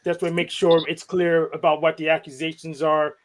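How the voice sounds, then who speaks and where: A man's voice: fairly high pitch, flat delivery, moderate pace. A man on a casual group call, insistently reading out online posts and arguing his side. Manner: insistent, argumentative. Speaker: participant in an online hangout.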